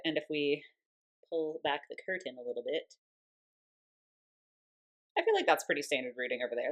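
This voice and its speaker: A young woman with a low, deep-set voice gushes her way through a casual doll review at home. She talks in a chatty, excitable way, full of "like"s, and often breaks off to coo softly at her cat. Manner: gushing, chatty, many "like"s.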